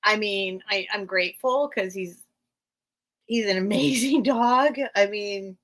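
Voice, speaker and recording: A woman's voice: medium pitch, measured pace, a bit bright. An American woman hosting a live sale stream, chatting casually and rambling, with frequent laughs. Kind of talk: casual livestream chat.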